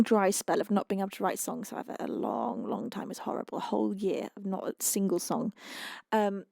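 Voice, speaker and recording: A young woman, a singer-songwriter streaming live, gushing through thank-yous to her chat with frequent laughs and soft whispered asides. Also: mid-range voice, vocal fry, no room sound, studio quality. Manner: gushing, emotional, laughs often, drops to a whisper. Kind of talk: chatty livestream thank-yous.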